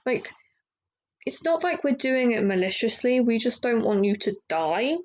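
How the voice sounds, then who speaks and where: A young woman talks through a solo podcast in a loose, candid way. Her voice sits a little high, and she rambles, restarts and leans on fillers as she goes. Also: animated, measured pace, darkish tone, low-quality recording. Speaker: podcast host. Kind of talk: casual solo podcast monologue.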